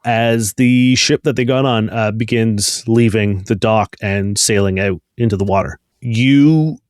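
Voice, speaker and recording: Low-voiced game master, loose narration. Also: male voice, unhurried, clear, resonant tone, no echo, studio quality. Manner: loose, hesitant, filler-heavy.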